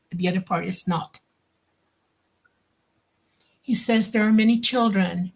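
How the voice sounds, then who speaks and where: A woman speaks under hypnosis, describing visions in slow, halting phrases. She pauses often and searches for her words. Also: medium pitch. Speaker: hypnosis client.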